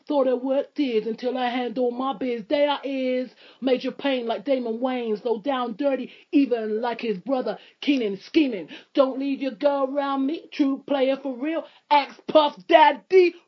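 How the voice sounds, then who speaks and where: A swaggering male rapper, put on by a woman, rolling out rhymes in a steady rhythm. The voice sits fairly high for the part. The recording is muffled and lo-fi. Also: takes it slowly, few pauses. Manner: rhythmic rapping over a beat.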